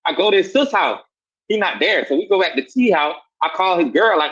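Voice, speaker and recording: A man's voice: high-pitched, quick pace, slightly rough. A man from Savannah with a Southern accent, telling a street story in casual talk and acting out the voices in it. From Savannah, Georgia. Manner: animated, acts out voices in quotes. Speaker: guest telling his life story. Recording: dull lo-fi sound.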